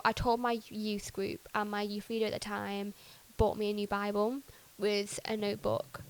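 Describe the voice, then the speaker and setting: A woman's voice: mid-range voice, sharp tone, low-quality recording. A young woman tells her faith story as a podcast guest, chatty and full of "like", acting out what she once said. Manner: chatty, fillers of "like", acts out her own past words. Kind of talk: personal faith testimony.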